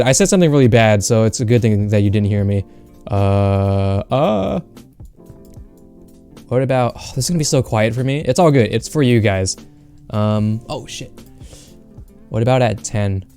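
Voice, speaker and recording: A man's voice: medium pitch, lively intonation, normal speed, mellow, clean tone, faint music behind. Rambling profane young male streamer. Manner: rambling, blunt and profane, with frequent fillers and restarts. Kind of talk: casual livestream chat. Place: home streaming setup. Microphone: desk mic.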